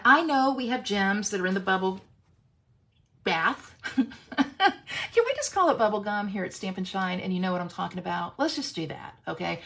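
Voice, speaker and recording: A woman's voice: medium pitch, gravelly, fairly bright tone. A woman hosting a casual craft tutorial, chatty and self-teasing, often checking in with "okay?" as she works.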